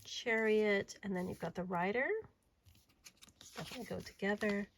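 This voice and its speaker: An adult woman showing off her tarot and oracle decks in a casual video, chatty and enthusiastic, sometimes dropping to a soft murmur. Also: mid-range voice, steady tone, moderate pace, slight background noise, low-quality recording. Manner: chatty and enthusiastic, drifting to soft murmurs while handling cards. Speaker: tarot reader and deck reviewer. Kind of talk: casual show-and-tell video.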